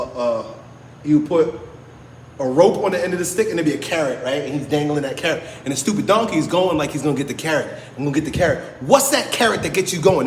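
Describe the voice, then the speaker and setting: A man's voice: a little high, a little hiss or hum. Man, strength coach, casual motivational talk, blunt, emphatic, swears, keeps saying "right?", long reverb.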